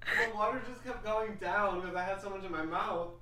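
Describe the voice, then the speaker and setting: A man's voice: sits high, fairly even intonation, a little fast, pushed and bright. A young man co-hosting a podcast in casual chat, joking around and laughing often. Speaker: podcast co-host. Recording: echoey room.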